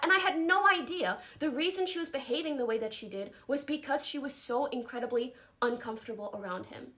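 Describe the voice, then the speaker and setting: An emotional young woman speaks to her stream in a fairly high voice. She is earnest and apologetic and sounds close to tears, with a halting delivery. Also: animated, a bit bright. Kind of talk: emotional livestream statement.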